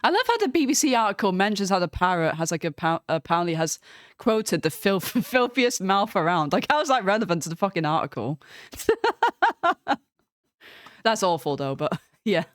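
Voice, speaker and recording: A woman's voice: on the low side, big pitch swings, normal speed, no room sound, clean studio sound. A woman streaming a game live, chatting with viewers and laughing often.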